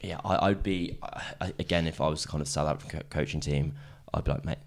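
A man's voice: very deep voice, creaky. A man co-hosting a podcast, chatting casually about cricket in a rambling way full of "kind of". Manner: fast, rambling, leans on "kind of". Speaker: podcast co-host.

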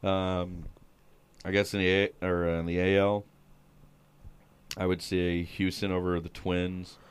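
A man's voice: deep voice, level tone, unhurried, smooth. A man co-hosting a casual sports chat with friends, laid-back and swearing freely. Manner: laid-back, swears, breaks into loud mock accents. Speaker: podcast co-host.

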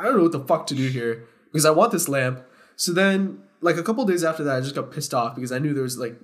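A young man telling a story to friends on a casual podcast. He talks loosely and gets animated, loud and laughing as the story heats up. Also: medium pitch. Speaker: podcast co-host.

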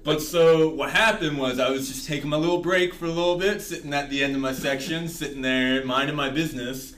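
A man's voice: fairly high pitch, fairly even intonation, a little fast, a bit bright, rough recording. A young man co-hosting a podcast, telling a rambling story and laughing often in casual chat. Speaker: podcast co-host.

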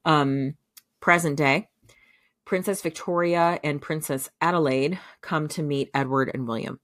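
Her voice sits low and moves a little slowly as she casually recaps a show for a podcast audience. She wanders, uses lots of fillers, and laughs throughout, captured in a dry, clean studio recording.

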